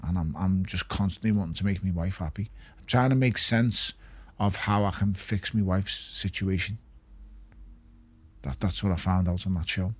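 A man's voice: low-pitched, darkish tone, slightly rough, no echo. A middle-aged man, a retired boxer talking candidly in an interview, blunt and swearing. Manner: blunt, swears often, repeats words when emphatic. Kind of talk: candid podcast conversation.

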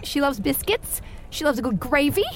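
A woman's voice: sits high, animated, normal speed. A woman voicing a pompous, vain female wizard in improvised comedy role-play, talking in a grandiose, gushing way.

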